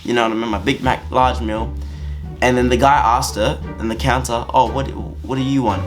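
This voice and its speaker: A man tells a story-time anecdote to camera, animated and full of slang. His voice sits at an ordinary middle pitch, with faint music playing behind him. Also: a little fast. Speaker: vlogger.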